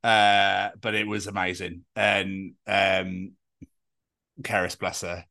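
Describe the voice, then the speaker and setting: A man's voice: low-pitched, level tone, slow, gravelly, sharp tone. Rambling jokey British man. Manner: rambling, jokey, swears a lot. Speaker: podcast host. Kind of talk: casual podcast chat.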